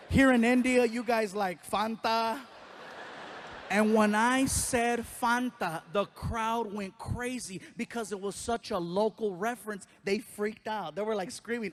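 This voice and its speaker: A male comedian tells a story on a live stage in a strikingly high voice, full of energy. He jumps into the voices of the people in his story. Faint noise sits in the background. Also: measured pace. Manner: animated storyteller who acts out other voices. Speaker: stand-up comedian. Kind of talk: stand-up storytelling.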